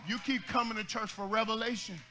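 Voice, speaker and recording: A man preaching an energetic church sermon, calling out to the congregation and rising into shouts as he jokes and exhorts. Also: high-pitched, a little fast, noisy background. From United States. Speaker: pastor.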